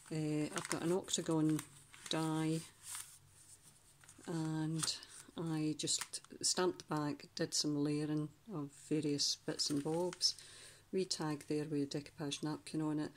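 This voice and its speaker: A Scottish woman doing a casual craft flip-through of a handmade journal, chatty and rambling, often pausing to search for words. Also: deep voice, a little hiss or hum.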